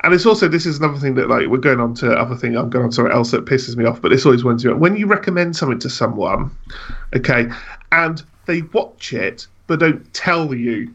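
A man rants in a casual podcast chat, his voice gravelly with a husky, rough edge. He scatters filler words as he complains. The recording sounds dull and lo-fi. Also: mid-range voice, animated, fast, fairly bright tone. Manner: ranting, many fillers like "like". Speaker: podcast co-host.

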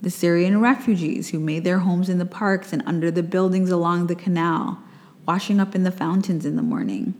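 A woman's voice: on the low side, moderate pace, darkish tone, big-room sound. A woman from the United States who hosts a podcast, reading her own personal essay aloud with reflective, wry asides. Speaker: podcast host.

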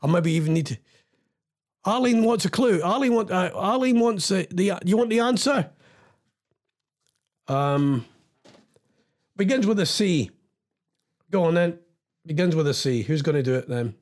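A man's voice: high voice, animated, normal speed, long pauses. A Scottish man hosting a casual live-stream quiz as a radio DJ, teasing his listeners as he reads out their comments. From Scotland.

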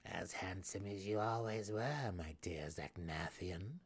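A man voicing a scheming, cruel dark elf matriarch in a dramatic audiobook reading, coy and commanding. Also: mid-range voice, animated, a little slow, voice pushed up. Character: scheming cruel drow matriarch, female, imperious.

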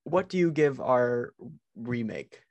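A man's voice: medium pitch, lively intonation, slow, no room sound. A man co-hosting a casual movie podcast, teasing and easygoing, laughing often. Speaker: podcast co-host.

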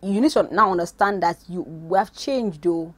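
A woman gives an informal devotional talk straight into her phone. Her delivery is animated: loud bursts give way to soft, quiet asides. The sound is dry and close, with no room echo. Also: lowish voice, moderate pace. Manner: animated, swings from loud exclamations to quiet asides, frequent "you get me". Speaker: preacher.

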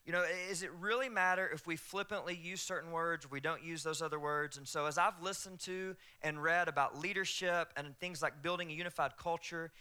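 A man's voice: on the high side, pushed and bright, clean tone. A man with a Southern US accent preaching a sermon to his congregation in a conversational, joking way. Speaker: pastor. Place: church sanctuary.

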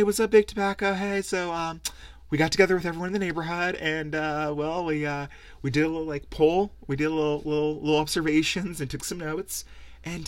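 A man's voice: dry recording, lightly acted. A sheepish adult neighbor with a raised, reedy voice, as a man puts him on, stumbling over his words and filling every gap with ums and uhs. He sounds folksy and awkward, and the recording is close and dry. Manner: halting, full of ums and uhs, high and sheepish. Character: hesitant, folksy adult male neighbor, rambling.

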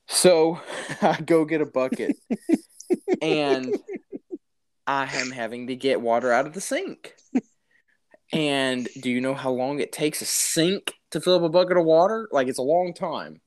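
A man tells a story from his own life in relaxed conversation. His voice sits a bit high for a man, and he keeps it animated, laughing and saying dude as he goes. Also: measured pace, pauses often. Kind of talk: casual chat.

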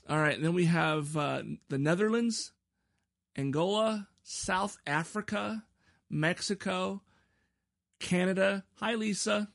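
A man hosts his own podcast alone, chatting casually in a rambling, self-deprecating way and tripping over his words. His voice sits a little high and carries a gravelly rasp. The sound is dry and close, with no room around it. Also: dry recording. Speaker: podcast host. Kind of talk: casual solo podcast chat.

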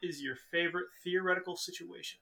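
A man's voice: sits high, steady tone, fast talker, sharp tone. A young man co-hosting a podcast, steering the casual chat with questions. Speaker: podcast co-host.

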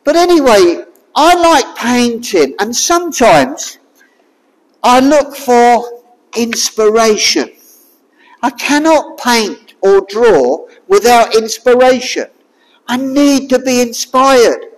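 Preacher, sermon, slow deliberate delivery, lively rising and falling pitch, long hall reverb. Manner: slow, questioning, draws listeners in with repeated rhetorical questions. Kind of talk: sermon to a small congregation.

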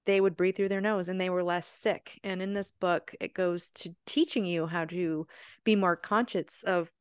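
A woman's voice: lowish voice, fairly even intonation, clear, resonant tone, dry recording, clean studio sound. A woman hosting a podcast, chatting casually and encouragingly with her guest. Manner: encouraging, with quick affirmations. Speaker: podcast host.

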